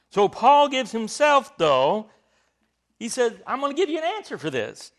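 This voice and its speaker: A man's voice: extremely high pitch, huge pitch swings, moderate pace. A man preaching a sermon, teaching from scripture in an emphatic way, with frequent rising bursts of emphasis.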